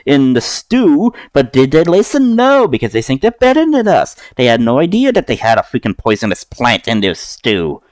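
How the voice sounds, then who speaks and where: A man's voice: mid-range voice, lively intonation, very slow, hardly any pauses, clean tone, no room sound, voice pushed up. Man voicing a harried, grumbling cook. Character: harried male cook, complaining.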